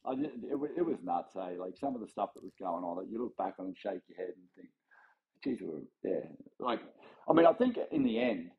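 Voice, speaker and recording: A man's voice: fairly low pitch, a little fast, narrow, tinny audio. A man in his forties with an Australian accent, telling a story as a guest in a casual podcast interview, acting out other people's lines and chuckling as he goes. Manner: animated anecdote-telling with quoted voices and chuckles. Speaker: former rugby league player, podcast guest.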